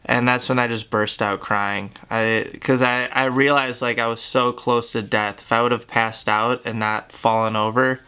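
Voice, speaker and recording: A young man telling his own story to the camera, candid and halting, with lots of fillers and swearing. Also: mid-range voice, flat delivery, sharp tone, clear, resonant tone. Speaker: YouTuber. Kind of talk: confessional storytelling.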